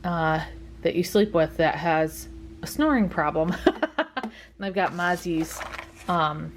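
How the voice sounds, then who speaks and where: A middle-aged woman who runs a dog channel talks casually to her viewers from home, sounding tired and yawning. Her voice is on the low side and slow, with slight background noise, and she rambles chattily with many ums.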